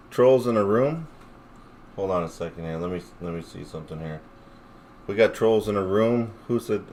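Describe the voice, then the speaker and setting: A man hosting a livestream in a loose, rambling rant, full of jokes and swearing. His voice sits a little low. He talks straight to his chat. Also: darkish tone, slight background noise. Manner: rambling, swears a lot, jokey. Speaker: livestream host.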